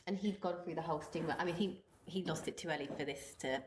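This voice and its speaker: Female co-host, fast and chatty, roomy recording with a faint hiss. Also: low voice. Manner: chatty and candid. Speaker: co-host and hairdresser. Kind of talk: casual studio chat. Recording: echoey room with faint noise.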